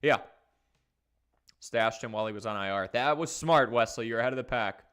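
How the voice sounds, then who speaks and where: A man's voice: mid-range voice, clean tone. A man hosting a live fantasy football stream, talking casually and energetically while he reads from the chat. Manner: energetic, conversational, talks fast in bursts. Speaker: fantasy football livestream host.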